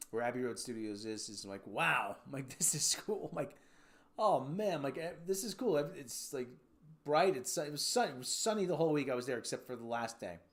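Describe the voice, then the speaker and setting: An American man hosting a livestream, chatting casually and reading viewer comments, rambling with restarts and putting on silly voices. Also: medium pitch. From United States. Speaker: livestream host.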